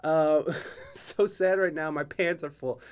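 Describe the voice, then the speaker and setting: A man's voice: a little high, fairly even intonation, slow pace, clear, resonant tone. A man hosting a casual podcast, joking and rambling with lots of laughter. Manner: goofy, rambling, jokey with frequent laughs. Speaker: podcast host.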